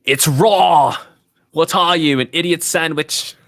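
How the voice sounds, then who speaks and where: A man's voice: on the high side, fairly bright tone, voice pushed up. A man putting on a fake British accent to play a scornful, disgusted celebrity chef. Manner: disgusted, drawn-out sneering.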